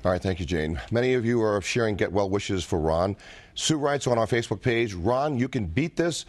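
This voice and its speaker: A man with a lowish voice anchors a TV newscast. He speaks steadily, with smooth studio handoffs. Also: expressive, a little fast, no room sound. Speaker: news anchor. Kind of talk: news anchoring.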